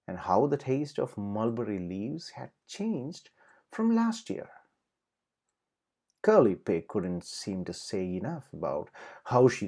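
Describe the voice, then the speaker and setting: A woman narrating a children's storybook with very expressive, swooping intonation. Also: very deep voice, slightly rough.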